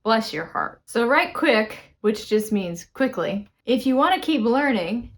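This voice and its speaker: A woman's voice: on the high side, a little slow. Texan woman teaching spoken English. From Texas. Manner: expressive, chatty, playful. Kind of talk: casual spoken English lesson.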